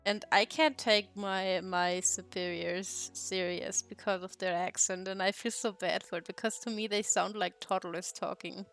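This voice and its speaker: A woman's voice: mid-range voice, steady tone, unhurried, hardly any pauses, fairly bright tone, faint music behind. Young woman, giggly casual streamer. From Germany. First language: German. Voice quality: laughs often, swears freely, rambling. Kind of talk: casual chat while drawing.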